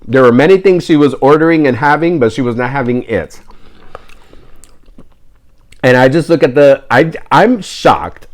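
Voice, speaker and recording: A man telling a story in casual, animated fashion, joking and going off on tangents, dropping in Spanish words. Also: medium pitch, normal speed, pauses often.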